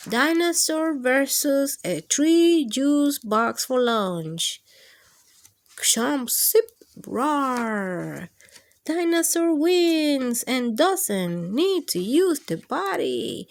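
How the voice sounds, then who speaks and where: A woman reading picture books aloud to children as a storyteller, expressive and playful, adding roars and sound effects. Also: sits high, extremely slow.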